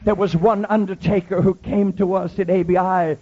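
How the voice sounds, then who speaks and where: A man's voice: sits high, little pitch movement, moderate pace, phone-quality sound. A man preaching a Pentecostal sermon, telling dramatic stories with heavy repetition.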